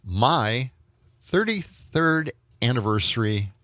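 A man's voice: medium pitch, very animated, slow, fairly bright tone. A man in his fifties hosting a casual morning radio show, rambling with fillers and chuckles. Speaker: radio talk show host. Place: radio studio. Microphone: studio microphone.

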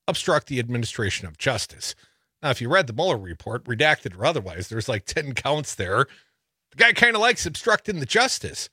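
A male talk radio host in casual political chat, reading legal text aloud with sarcastic asides and animated outbursts. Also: mid-range voice, breathy edge, no echo, clean studio sound.

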